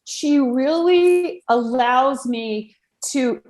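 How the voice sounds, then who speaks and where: A woman with a high, bright-sitting voice coaches people on speaking, blunt and animated, with frequent laughs. She comes through a video call. The room around her rings with a noticeable echo. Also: drawn-out words. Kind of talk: casual interview chat.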